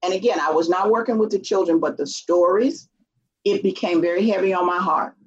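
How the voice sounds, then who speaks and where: A middle-aged woman, a guest, tells a story in an animated chat and acts out the voices of people she quotes. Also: fairly low pitch, fairly quick. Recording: dull lo-fi sound.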